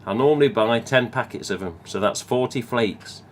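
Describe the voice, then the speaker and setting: An English man with a Midlands accent runs a casual live stream, reading viewer comments, drifting off on tangents and swearing from time to time. He talks at a normal speed in a mid-range voice, with slight background noise audible.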